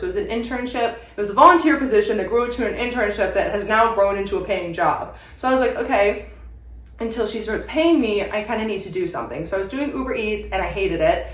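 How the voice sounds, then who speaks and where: A young woman with a slightly high voice talks casually to her camera, rambling from one thing to the next and leaning on "like" as she goes. She is at home, and the room adds a noticeable echo to her voice. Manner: chatty, rambling, lots of "like" fillers. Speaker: content creator. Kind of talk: casual vlog chat. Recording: roomy echo.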